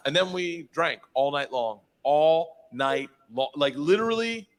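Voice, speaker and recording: A male stand-up comedian who tells his story loudly and with animation, sometimes bursting into shouts. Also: a little high, animated, a little slow.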